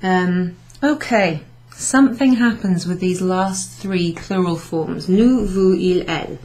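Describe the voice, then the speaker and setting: A Welsh woman teaching French goes over a beginners' summary lesson in a recorded class, chatty and self-correcting as she writes on the board, mixing languages with light laughs. Her fairly low voice is a little mellow and slow-paced.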